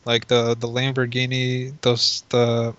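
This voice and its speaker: A man co-hosting a casual podcast talk, his voice level and flat in pitch. He stops and restarts as he reads things aloud. The sound is dull and lo-fi. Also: no room sound. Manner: reads search results aloud, halting. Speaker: podcast co-host. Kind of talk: casual chat.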